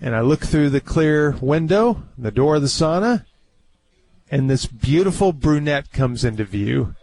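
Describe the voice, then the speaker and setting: A man in his forties spins a long anecdote in relaxed talk-show chat. He tells it with animation and breaks into laughter often. Faint music sits under his voice. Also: a little high, measured pace. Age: 40s. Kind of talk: casual storytelling chat.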